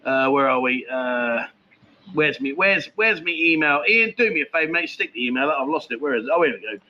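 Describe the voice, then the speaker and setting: A man's voice: on the high side, lively intonation, a little fast, pushed and bright, highs cut off, slight background noise. A man hosting a casual live chat show, rambling and matey as he answers viewer comments. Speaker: livestream host.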